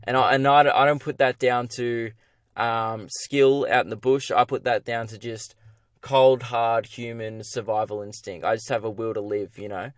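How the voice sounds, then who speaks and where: A young Australian man tells a comic story on his podcast. He is animated and profane, and he mocks himself. The sound is dry and close, with no room echo. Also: medium pitch, normal speed. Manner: animated, profane, self-mocking. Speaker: comedian and podcast host.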